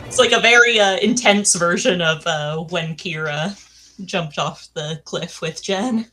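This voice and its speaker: A woman's voice: on the low side, unhurried, over music. A woman co-hosting a casual chat, giggly and playful. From United States. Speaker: co-host. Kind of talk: casual chat recapping a show.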